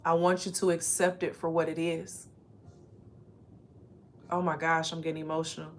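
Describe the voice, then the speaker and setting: A woman's voice: low-pitched, level tone, a little hiss or hum. Woman giving an earnest card reading. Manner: earnest, speaks directly to the listener with endearments; repeats phrases slowly for emphasis. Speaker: spiritual card reader. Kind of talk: oracle card reading with affirmations.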